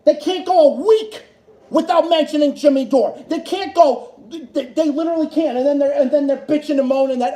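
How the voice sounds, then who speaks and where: A man's voice: extremely high pitch, moderate pace, dark tone. A man hosting a livestream who rants in an angry, profane way, repeating himself over and over. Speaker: livestream host. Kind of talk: solo political rant stream. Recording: echoey room.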